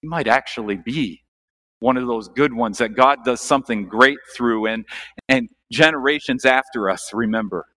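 A male pastor preaching a sermon, asking the congregation questions, animated, with sharp rises and drops in his voice. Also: mid-range voice, normal speed.

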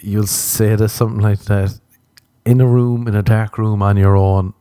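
An Irish man spins a meandering, foul-mouthed comic story with wry asides. His voice sits on the low side and sounds warm and mellow. The recording is dry, with no room sound. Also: level tone, moderate pace, no echo. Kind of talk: rambling comic monologue.

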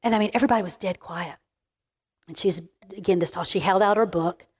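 A middle-aged woman, giving a keynote as animated, emphatic sermon-style storytelling. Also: lowish voice, husky. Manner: animated and emphatic, quick asides. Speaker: keynote speaker. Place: large event venue.

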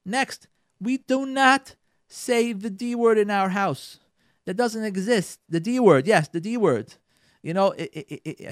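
This radio host's voice sits high as he hands out marriage advice, emphatic and instructive, speaking directly to his audience. He often plays out spouses' lines and repeats words for emphasis. The sound is clean studio audio without echo.

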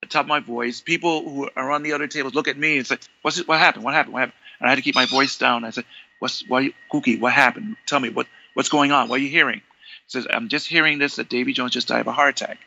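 A man, an interview guest telling animated stories and acting out the dialogue. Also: mid-range voice, fast, gravelly, lo-fi sound, slight background noise. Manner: animated, acts out quoted dialogue, many restarts. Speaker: interview guest, longtime fan. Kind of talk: conversational storytelling.

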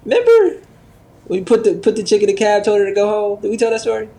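A man co-hosting a podcast, with an airy voice and animated storytelling. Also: high voice, fast talker. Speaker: podcast co-host. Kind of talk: casual chat.

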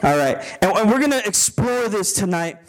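A man's voice: high voice, lively intonation, moderate pace, poor audio. A man preaching as a pastor at a retreat, often repeating words and asking the crowd to agree with him. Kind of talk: sermon. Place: retreat gathering before a live audience.

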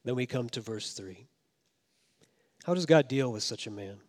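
A man preaching a sermon as pastor, swinging from loud emphasis down to hushed, quiet tones. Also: medium pitch, lively intonation, normal speed. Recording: long hall reverb.

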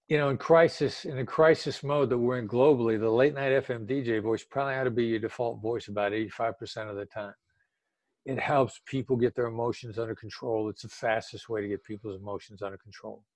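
A man's voice: mid-range voice, dry recording. An older man speaking as an expert guest in a casual interview, emphatic and drawing out words for stress.

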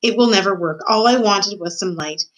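A woman's voice: mid-range voice, moderate pace, lightly acted. A woman voicing a sad, lonely male rat in a storybook reading, speaking mournfully.

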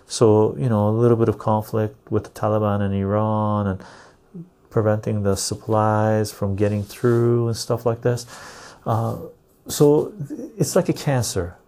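A man's voice: lowish voice, steady tone, measured pace, warm tone. A man hosting a podcast, delivering a casual, sarcastic political rant with mocking imitations of other people. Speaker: podcast host.

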